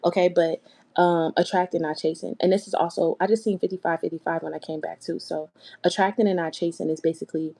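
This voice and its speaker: A woman's voice: on the low side, fairly even intonation, fast talker, vocal fry, warm tone. A woman giving a casual tarot reading, chatty and emphatic, talking straight to her viewers. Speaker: tarot reader.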